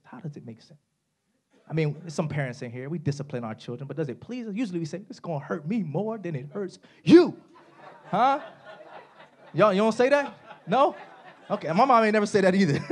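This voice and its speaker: A man delivering a sermon in a church sanctuary, his high voice swooping through a wide range. He drops soft at the ends of phrases and builds to shouts at the peaks. He talks casually to the congregation and has them repeat words back to him. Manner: animated preaching, calls on the congregation to repeat words; casual, says "y'all" and "right?". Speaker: preacher.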